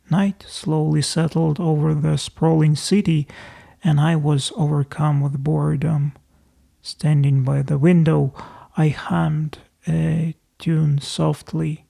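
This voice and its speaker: Slow gravelly male audiobook narrator. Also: fairly high pitch, flat delivery, mellow.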